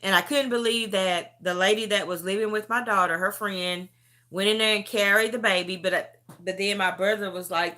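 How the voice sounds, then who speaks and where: Bright-voiced woman giving a tearful testimony. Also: medium pitch, moderate pace. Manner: animated storytelling, calls the listener "beauty". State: near tears. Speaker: host sharing a personal testimony. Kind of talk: emotional live-stream testimony.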